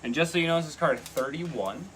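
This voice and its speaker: A man giving a live tarot reading, chatty and earnest, with sudden excited bursts. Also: fairly high pitch, fairly quick, slight background noise, poor audio. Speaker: tarot reader.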